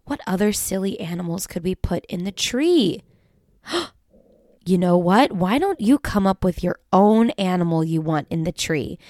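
A woman's voice: on the low side, darkish tone, no room sound, clean studio sound. A woman hosting a sing-along music time for toddlers, cheery and coaxing, asking the children playful questions. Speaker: children's music podcast host.

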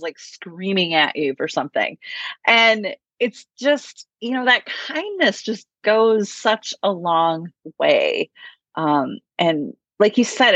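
A woman's voice: mid-range voice, fairly bright tone, no echo. A woman podcast host chatting casually and agreeably, her speech full of filler words. The recording sounds dry and slightly muffled, like a lo-fi microphone. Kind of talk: casual chat.

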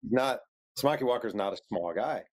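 A man's voice: mid-range voice, lively intonation, fairly quick. A man, an author guest, telling a story in an interview and acting out the quotes.

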